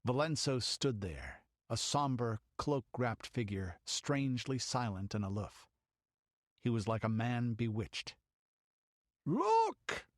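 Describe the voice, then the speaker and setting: A man's voice: mid-range voice, measured pace, no room sound, clean studio sound. A man reading an audiobook in dramatic storytelling narration. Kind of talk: scripted narration.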